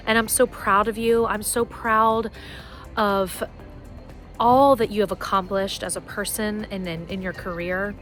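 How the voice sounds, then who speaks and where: A woman speaks slowly in a bright, forward voice as she records a heartfelt video message. Her tone is tender and a little emotional, and she repeats her words for emphasis. Faint music plays underneath. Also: medium pitch, fairly even intonation.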